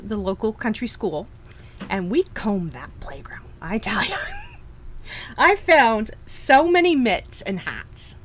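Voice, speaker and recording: A lowish, slightly bright female voice comes through a low-quality recording. The middle-aged host knits live on stream, talking casually with viewers, responding to their comments, and frequently breaking into laughter or starting over.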